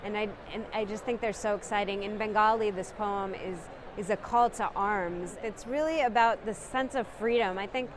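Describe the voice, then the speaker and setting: A woman speaking softly and thoughtfully in casual talk, with fillers. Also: medium pitch, steady tone, normal speed, hardly any pauses, background noise. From United States.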